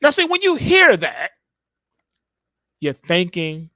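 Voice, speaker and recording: A male host telling a casual comic story with a lively, swooping pitch. His delivery is slangy and playful. The sound is dry and close. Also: takes it slowly, pauses often, no echo. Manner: animated, voices quotes, slangy. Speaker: market show host.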